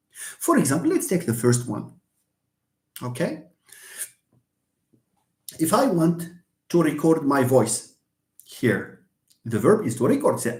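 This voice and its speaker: Male english teacher, live lecture, slow delivery, repeats words aloud, roomy echo. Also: a little high.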